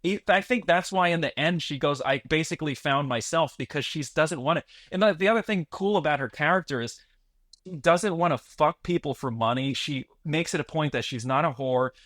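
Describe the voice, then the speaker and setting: A man's voice: on the high side, brisk, a bit bright, no echo, clean studio sound. A man co-hosting a movie review podcast, making his points earnestly in a rambling way, restarting his sentences and swearing casually. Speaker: podcast co-host.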